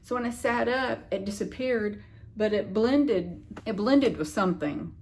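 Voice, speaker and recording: A woman talks into her phone at a middling pitch, telling a meandering personal story to her viewers. She keeps backing up to restart and sounds frustrated and puzzled as she recounts it. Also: measured pace, a little mellow. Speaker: vlogger. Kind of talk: rambling personal storytelling to camera. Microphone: phone camera.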